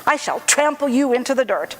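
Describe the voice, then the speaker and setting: A woman voicing grumpy male giants who shout threats and then turn friendly, in a told folk tale. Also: high voice, lively intonation, brisk. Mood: blustering.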